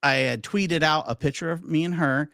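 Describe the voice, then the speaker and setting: A man's voice: on the high side, normal speed, vocal fry, fairly bright tone, no room sound, clean studio sound. A man hosting a podcast, chatting casually and telling anecdotes with lots of quoted dialogue. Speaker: podcast host. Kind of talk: casual chat storytelling.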